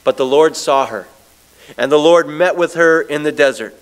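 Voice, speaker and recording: Guy pastor giving a sermon, kinda high voice, slows way down on bible verses. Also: clear, resonant tone. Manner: storytelling preacher, slows down on scripture.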